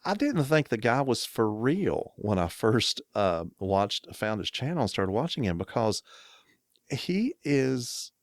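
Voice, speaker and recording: A man's voice: medium pitch, big pitch swings, measured pace, dry recording, studio quality. A man co-hosting a casual chat podcast, telling a rambling story and laughing often. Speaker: podcast co-host.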